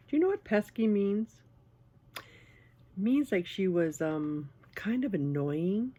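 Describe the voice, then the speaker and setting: A storyteller reading a picture book aloud to children, very slow and deliberate. The voice is husky, and it swings from lively questions to hushed whispers. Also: mid-range voice. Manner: animated, asks listeners questions, drops to whispers.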